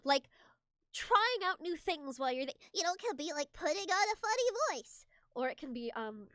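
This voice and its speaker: Woman, high bright voice, casual stream chat, animated, lots of restarts, dry close mic. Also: normal speed, no room sound. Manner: animated, chatty, frequent restarts and repeats. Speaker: streamer and hobbyist voice actor. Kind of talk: casual advice talk on a live stream.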